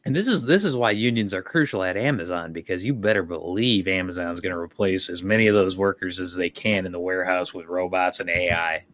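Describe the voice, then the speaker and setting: A man's voice: deep voice, a little fast, few pauses, fairly bright tone. A man with a nasal Midwestern accent chatting casually, loose and profane, sometimes searching for words. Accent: Midwestern American. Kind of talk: casual podcast chat.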